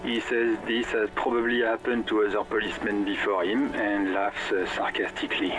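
A man's voice: on the low side, level tone, moderate pace, lightly acted, poor audio. An actor playing a scrawny old male radio switchboard operator with a rattly voice, who speaks in formal radio codes and signs off each line. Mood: dry. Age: older. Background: game music.

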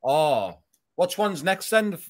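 A man's voice: a little high, sing-song, takes it slowly, dry recording, studio quality. Bantering man. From England. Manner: friendly banter, sweary. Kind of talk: casual chat.

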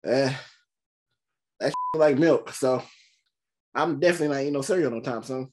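A man hosting a movie reaction, talking in an animated, slangy way with quick joking asides. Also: mid-range voice. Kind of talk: casual reaction commentary.

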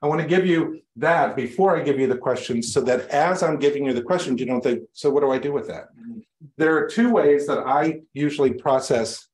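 A reverend, speaking with a slightly high voice at a brisk pace, addresses his congregation in the church sanctuary. He tells stories warmly and conversationally, poking gentle fun at himself.

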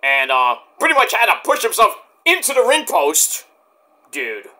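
Bright lively-voiced man reviewing wrestling. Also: high voice, normal speed. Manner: rambling, profane, jokey. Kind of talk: casual review monologue.

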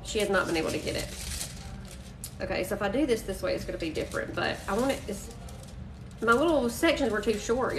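A woman's voice: medium pitch, a bit bright, far from the mic, slight background noise, rough recording. A woman hosting a chatty live-stream crafting demo, bubbly and full of "y'all". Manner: bubbly, says "y'all" and "freaking" a lot. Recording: voice a bit off-mic, faint music behind.

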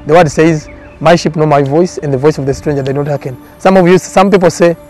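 A man with a slightly higher voice gives his testimony in a documentary interview. He speaks earnestly, in a repetitive preaching cadence. Soft music plays faintly underneath. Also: fairly quick. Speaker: prophet.

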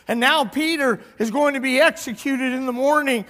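A male pastor tells a scripture story to his congregation, swinging from booming to hushed. His voice sits unusually high for a man. It rings out in a church sanctuary with a long, trailing reverb. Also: normal speed. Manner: storytelling, animated, swings between loud and hushed. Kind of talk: sermon.

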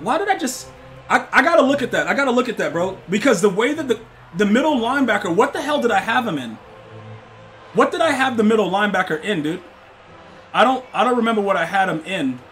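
A young man streaming a football video game live, chatting with his viewers, excitable and slangy, often repeating himself. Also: high voice.

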